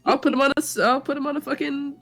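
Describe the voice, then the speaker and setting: A woman's voice: sits high, fairly even intonation, fast talker, fairly bright tone, soft background music. A woman playing a tabletop role-play game, blunt and joking, swearing freely. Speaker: player.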